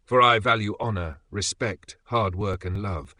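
A dry, sarcastic veteran knight of a storybook , voiced by a male narrator, speaking in a measured, unflappable way. His tone is bright and forceful, and the sound is close and dry. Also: on the low side, no echo. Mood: steady lecturing.

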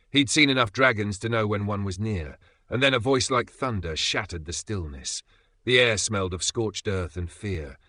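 Man reading a fantasy tale, lowish voice, bright forceful edge, super dry close sound. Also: no room sound. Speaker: narrator. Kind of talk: scripted fantasy story narration.

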